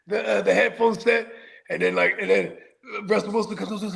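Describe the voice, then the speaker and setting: A man co-hosting a casual sports podcast, telling stories in an animated, profane way that swings between loud bursts and quiet asides. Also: sits high, a little fast, gravelly. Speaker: podcast co-host.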